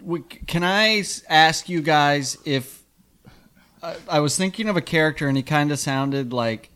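A man hosting a comedy podcast, talking in a halting, stammering, giggly way. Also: on the high side, bright, forceful tone, smooth. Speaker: podcast host. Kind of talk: casual comedy podcast chat.

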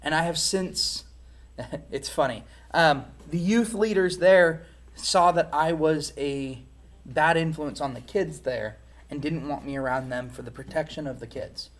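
Guy w a slightly high voice, frank reflective storytelling, interview guest. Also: measured pace, hardly any pauses. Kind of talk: candid personal testimony.

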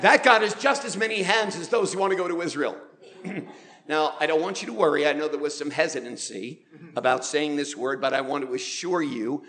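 A man preaching a sermon in a church, drawing the congregation in with questions and light humor, slowing to stress key words. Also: a little high, fairly bright tone. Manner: engages the congregation with questions and show of hands. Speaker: pastor. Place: church sanctuary.

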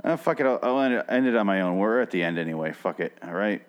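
A man's voice: on the low side, lively intonation, fast, clean tone. A man hosting a podcast, recapping an episode in casual, rambling chat full of swearing. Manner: rambling and sweary, with frequent restarts. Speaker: podcast host.

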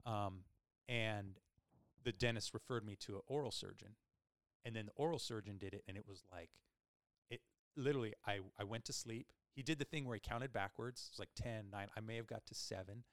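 A man hosting a podcast, telling a long personal story in a casual, animated way with many fillers. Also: fairly low pitch, normal speed, no room sound, clean studio sound. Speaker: podcast host.

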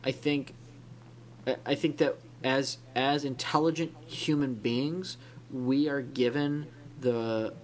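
A man's voice: medium pitch, fairly even intonation, slow. A man co-hosting a podcast in casual discussion, talking in a thoughtful, rambling way with many restarts. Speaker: podcast co-host.

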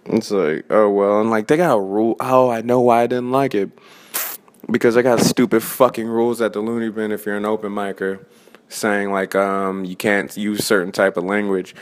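Man, 20s, slightly low voice, profane rambling stand-up comic venting. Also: little pitch movement, moderate pace. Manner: profane, rambling, restarts mid-sentence. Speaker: open-mic comedian. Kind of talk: casual rant.

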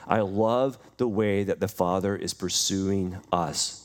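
Deep-voiced man preaching earnestly. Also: takes it slowly. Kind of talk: sermon.

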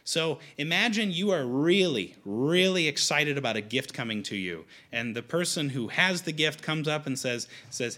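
A man's voice: on the high side, animated, moderate pace, hardly any pauses, sharp tone. A man preaching a sermon in a conversational way, often restarting his sentences. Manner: conversational, with frequent restarts and fillers.

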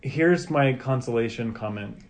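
Sex: man. Role: father hosting a family podcast. Style: casual family chat. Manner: relaxed and rambling, with many fillers. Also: mid-range voice, measured pace.

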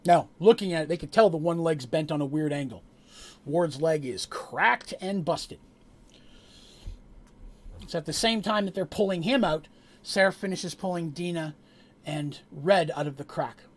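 A man narrating a tabletop game as game master, telling the story with animated asides to the players. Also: fairly high pitch, normal speed, pauses often.

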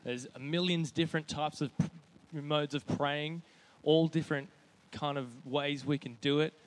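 A man's voice: fairly high pitch, steady tone, normal speed. Upbeat man leading a church talk. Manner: upbeat and jokey, cheering on the previous speakers. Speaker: church youth leader giving a short talk. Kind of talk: casual church talk to a group.

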